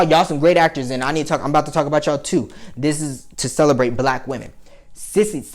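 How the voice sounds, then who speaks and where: Young man vlogger, mid-range voice, rambling and blunt, swears freely. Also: medium pitch. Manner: rambling, candid and profane, voice climbing when worked up. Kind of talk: casual emotional monologue.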